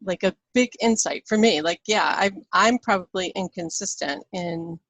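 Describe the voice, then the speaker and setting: A woman's voice: mid-range voice, moderate pace, fairly bright tone, dry recording. A woman hosting a radio interview, chatty and friendly, who laughs often. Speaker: radio show host.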